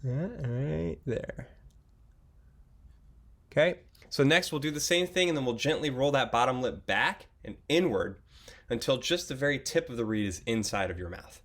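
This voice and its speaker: A young man teaching a beginner oboe lesson, patient and encouraging, often pausing with fillers and restarting his sentences. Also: medium pitch, lively intonation, fairly bright tone. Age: young adult. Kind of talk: instructional video lesson.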